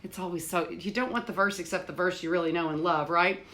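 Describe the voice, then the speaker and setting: Speaking fast with fairly even intonation, she has a voice on the low side that's a bit bright. She's hosting a home cooking livestream with the doors open, chatting casually with viewers by name, laughing easily and bursting into hymns.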